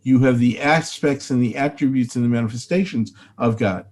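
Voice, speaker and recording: An older man talks as a rabbi and spiritual teacher in an interview. His delivery is earnest and preacherly, and he repeats his key phrases to drive them home. His voice sits at an ordinary pitch for a man. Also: fairly quick, a little mellow.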